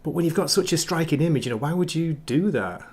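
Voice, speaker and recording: A man's voice: a little high, lively intonation, fast, darkish tone, husky. An Englishman co-hosting a podcast in casual chat, dropping in British slang as he talks. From England. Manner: chatty, drops in British slang. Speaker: podcast co-host.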